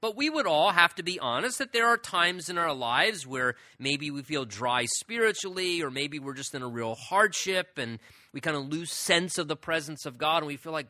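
A man's voice: fairly high pitch, expressive, moderate pace, sharp tone, dry recording, clean studio sound. A man preaching a sermon in an earnest manner, leaning hard on key words as he explains a passage. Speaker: pastor.

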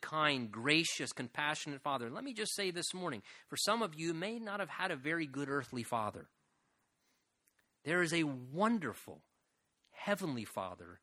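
A pastor delivers an earnest sermon in a slightly raised, very bright voice. He stretches key phrases slowly and lets his voice rise and fall widely. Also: a little high.

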